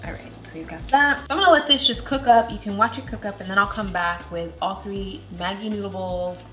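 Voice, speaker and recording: A young woman hosting a casual cooking vlog, chatting warmly as she cooks and tastes food with bubbly enthusiasm. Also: mid-range voice, a little fast, music in the background. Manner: bubbly, enthusiastic, tasting aloud. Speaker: cooking vlogger.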